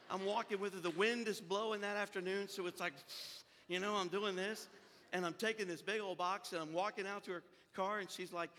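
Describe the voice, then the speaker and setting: A male pastor with a high, very bright, ringing voice. He tells a story and plays each person in it, then builds into forceful preaching. His voice carries a long reverb, as in a big church hall. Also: a little fast. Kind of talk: sermon. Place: church sanctuary.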